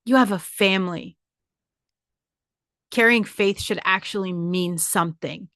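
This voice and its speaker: A woman's voice: mid-range voice, unhurried, fairly bright tone, no room sound, studio quality. A woman hosting her own podcast, delivering a blunt, profane motivational monologue straight to her listeners. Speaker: podcast host.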